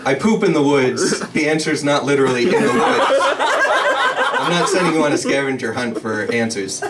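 A young man doing his first stand-up set in a small bar, with a measured, deadpan delivery. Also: mid-range voice, heavy background noise. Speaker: first-time stand-up comedian. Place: small bar comedy stage. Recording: distant mic with loud crowd laughter.

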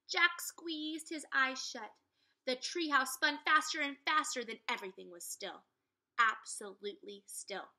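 A young adult woman, a teacher, reading a chapter book aloud to second graders in an expressive way. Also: medium pitch, vocal fry. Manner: expressive, speaking to children. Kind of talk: storybook read-aloud.

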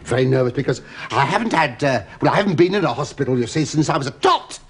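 A middle-aged English comedian with a stammering, camp delivery, full of asides to a live audience. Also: male voice, medium pitch, lively intonation, quick pace. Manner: stammering, camp asides, ooh-ing and mock protest. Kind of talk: stand-up style sitcom monologue to live audience. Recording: loud studio audience laughter and noise.

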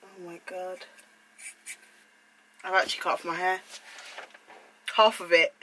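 A woman's voice: fairly low pitch, fairly even intonation, a little slow, bright, forceful tone, a little hiss or hum, low-quality recording. A young woman vlogging at home, flustered and exclaiming in disbelief as she swears her way through cutting her hair. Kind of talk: casual vlog.

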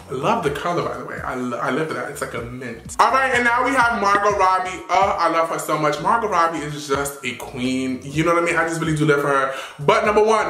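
A man giving sassy, animated red carpet fashion commentary full of playful slang. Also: a little high, roomy sound.

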